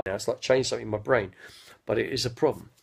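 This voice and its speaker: A man in his fifties, still stuttering mildly after a head injury, rambles on a live stream with casual stories. He speaks at medium pitch in a husky, gravelly voice, slowly and haltingly, regularly losing his train of thought.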